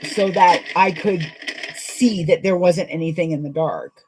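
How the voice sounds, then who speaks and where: Casting: a chatty woman with a slightly low voice, rambling and laughing often as she sews live. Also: unhurried, noisy background. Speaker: sewing livestream host. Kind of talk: casual chat while sewing live.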